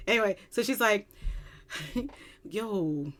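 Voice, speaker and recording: Giddy woman from long island gushing at her computer, bright voice, squeals a lot. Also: mid-range voice, animated, moderate pace, slight background noise. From Long Island, New York. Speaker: music reaction vlogger. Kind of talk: casual chat.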